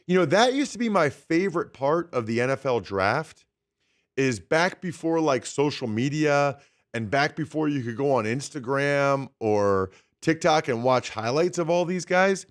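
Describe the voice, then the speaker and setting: A man's voice: on the high side, animated, a little slow. A man in his forties guest-hosting a sports talk radio show, telling stories with animation and asking each panelist in turn. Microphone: studio microphone.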